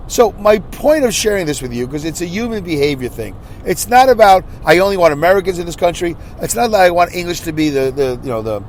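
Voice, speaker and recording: A man hosting a podcast, rambling through a casual, animated monologue and slipping into quick impressions. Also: a little high, slight background noise. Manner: animated, rambling storyteller who slips into impressions. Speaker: podcast host.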